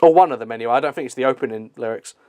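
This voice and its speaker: A man's voice: mid-range voice, racing, a little mellow, no room sound. A young man giving a casual movie commentary, chatty and swearing, with lots of fillers and laughs.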